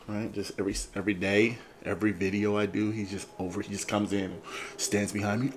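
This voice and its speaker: A man's voice: fairly low pitch, quick pace, slight background noise. A man hosting his channel in a casual, playful chat, rambling and joking before a game trailer reaction. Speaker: host.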